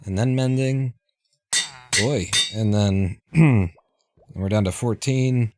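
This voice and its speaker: A man's voice: medium pitch, slow. A man streaming a video game, talking casually and muttering to himself as he plays, over a noisy recording. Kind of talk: casual gameplay commentary.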